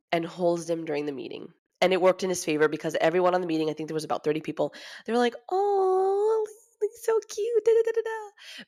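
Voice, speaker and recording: A woman's voice: low-pitched, gravelly. Chatty woman sharing motherhood stories. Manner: chatty, candid, laughs often. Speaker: podcast host. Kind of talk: casual chat.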